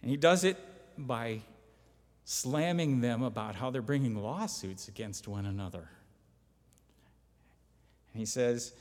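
A man's voice: mid-range voice, a little slow, long pauses, in a large hall. A man preaching a conversational sermon, reading scripture aloud and pressing his points with emphasis. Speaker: pastor or Bible teacher.

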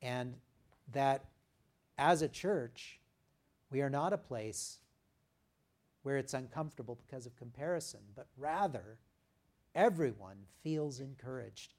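A male pastor delivering a sermon, reading scripture and then explaining it conversationally with occasional "uh" pauses, rising for emphasis and dropping soft at the ends of phrases. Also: mid-range voice, animated.

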